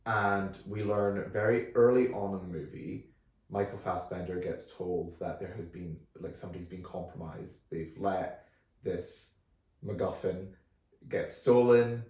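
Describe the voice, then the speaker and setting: A man co-hosting a podcast, reviewing films in a relaxed, chatty way with frequent fillers. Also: low-pitched, a little slow. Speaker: podcast co-host. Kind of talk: casual film review chat. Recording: roomy, distant from the mic.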